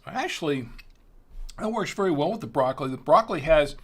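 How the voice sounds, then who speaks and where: A man's voice: a little high, expressive, brisk, a bit bright, husky. A man hosting a wine tasting livestream, chatting casually and rambling with lots of fillers. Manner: rambling, chatty, self-deprecating with frequent fillers. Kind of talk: casual live-stream chat.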